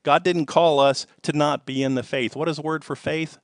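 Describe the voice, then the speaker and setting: A man preaching a sermon, swinging between loud emphatic lines and quiet ones, and telling a personal story in the middle. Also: a little high, steady tone, normal speed, no room sound, clean studio sound. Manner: emphatic, rises and falls in loudness for effect.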